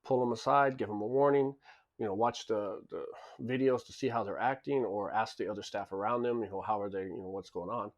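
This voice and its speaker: A man's voice: on the low side, steady tone, fairly quick, lo-fi sound. A man who owns a club tells stories in a casual monologue, blunt and emphatic, often repeating words as he restarts sentences. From lives in Japan. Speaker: club and bar owner.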